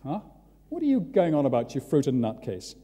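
A man's voice: medium pitch, wildly swooping pitch, brisk, mellow. A man playing a brusque skeptical shopper woman. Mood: dismissive. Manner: dismissive, brusque. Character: busy market-going woman, brisk and skeptical. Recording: long church reverb.

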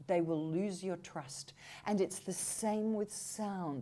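A woman from Australia, a communication expert talking in an animated, demonstrative way on a video call. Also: slow. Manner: animated, demonstrative, swoops high to illustrate points. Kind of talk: conversational interview.

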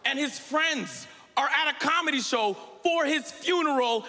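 A male stand-up comedian performing a set on stage, shouting punchlines over audience laughter. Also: extremely high pitch, expressive, normal speed, hardly any pauses. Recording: live hall with long reverb.

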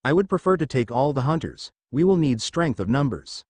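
A man's voice: mid-range voice, expressive, brisk, darkish tone, slightly rough, dry recording. A man voicing a stern young huntress who speaks in formal, old-fashioned words, in a fantasy story reading. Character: stern ancient huntress girl, formal archaic speech.

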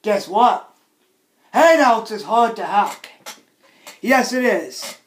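A man vlogging an angry, repetitive rant, often shouting and scolding. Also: high-pitched, very animated, slow.

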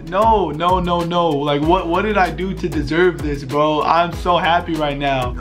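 A young man vlogging, talking earnestly and with deep feeling to his viewers and repeating himself as he thanks them. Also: a little slow, hardly any pauses, soft background music. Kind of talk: emotional thank-you to viewers.

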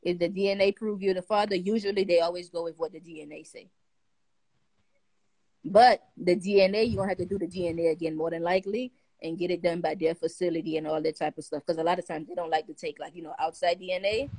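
A woman's voice: fairly low pitch, fairly even intonation, fast talker, darkish tone, dry recording, rough recording. A woman explaining a process in a casual, matter-of-fact way.

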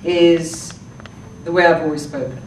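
In a roomy, echoing space, a woman talks slowly and deliberately at a public event, pausing often with fillers and restarts. Her voice sits fairly low and is picked up from some distance. A faint hiss lies underneath. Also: steady tone. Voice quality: halting, with many fillers and restarts. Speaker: actress answering audience questions. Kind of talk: thoughtful public talk. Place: public library talk room. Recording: echoey room from far off.

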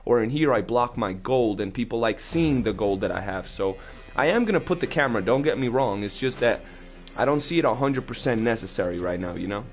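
A young man chatting casually on a live game stream, talkative and slangy, telling animated stories to his chat. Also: medium pitch, fairly quick, faint music behind.

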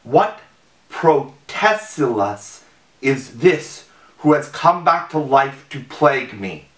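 An anguished, jealous husband pours out his grief and pleads for his wife's love, voiced by a man reading aloud. The delivery is slow and mournful. It sounds distant, with the echo of a live room. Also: mid-range voice, fairly bright tone. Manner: lamenting, pleading. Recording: roomy, distant mic.

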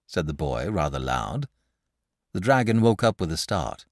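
A man narrating a classic storybook tale as host of a story podcast, with a measured, expressive reading. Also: very deep voice, dry recording, clean studio sound.

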